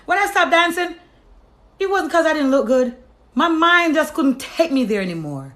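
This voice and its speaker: A high-voiced woman tells her testimony in a loose, blunt monologue, swearing freely. Her pitch swings widely as she stresses words. She drops lower when she acts out what she said to God. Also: sing-song, moderate pace, a bit bright. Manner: emphatic and profane, acts out conversations with God in lower tones. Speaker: storyteller sharing her testimony. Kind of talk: casual monologue to an audience.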